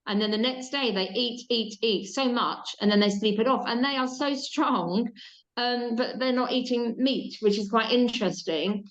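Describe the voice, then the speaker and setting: A woman's voice: fairly high pitch, moderate pace, dull audio. A woman hosting a casual chat, talking with chatty enthusiasm and repeating words as she goes. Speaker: host.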